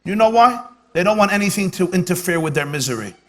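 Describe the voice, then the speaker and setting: Speaking fast in a high-pitched, expressive voice, a male rabbi entertains a banquet-hall dinner crowd with jokes and stories. He lands punchlines with sharp timing and repeats lines for effect, captured in a live recording with long reverb and faint room noise.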